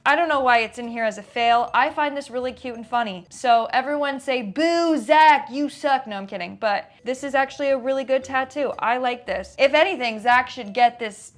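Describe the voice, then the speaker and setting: A woman's voice: a little high, brisk, few pauses. A woman hosting a comedic reaction video, chatty and sarcastic with playful asides. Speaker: host.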